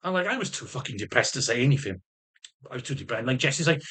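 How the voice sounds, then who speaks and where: A man's voice: medium pitch, lively intonation, quick pace, sharp tone, husky. A man in a casual video diary, rambling emotionally, swearing heavily and stammering through restarts. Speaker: vlogger.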